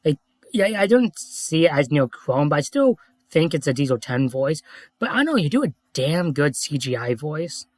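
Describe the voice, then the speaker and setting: A man's voice: fairly high pitch, big pitch swings, moderate pace, no echo, studio quality. A man in his twenties chatting eagerly on a livestream, peppering his talk with "dude" and "like". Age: 20s. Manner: eager, friendly, says "dude" and "like" often. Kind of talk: casual livestream chat.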